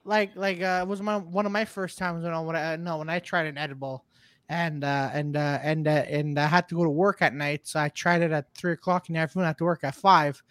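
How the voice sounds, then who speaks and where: A man's voice: fairly high pitch, fairly even intonation, brisk, fairly bright tone, smooth, no echo, clean studio sound. A man telling a story in casual podcast chat, stumbling and restarting often. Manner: hesitant, many restarts. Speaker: podcast guest.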